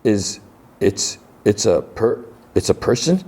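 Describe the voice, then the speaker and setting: A man's voice: on the low side, lively intonation, takes it slowly, dark tone, pitched above the performer's own voice. Man doing a nervous, prying boy. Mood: alarmed. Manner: anxious, questioning.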